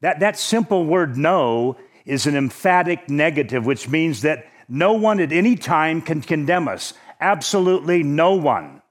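A man preaching a sermon in a conversational teaching manner, slowing down to stress key words. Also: on the high side, sing-song.

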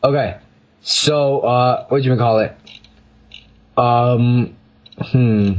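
A man's voice: medium pitch, fairly even intonation, drawn-out words, highs cut off. A teenage boy co-hosting a podcast, telling a rambling story with lots of fillers and laughs. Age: teens. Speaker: podcast co-host. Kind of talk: casual chat.

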